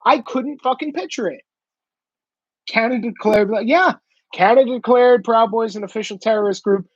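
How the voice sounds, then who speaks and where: Sarcastic male commentator with a husky voice, profane comic rant, dry and slightly dull recording. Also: very high voice, moderate pace, no echo. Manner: sarcastic, profane, mocking impressions. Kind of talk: comedic political rant.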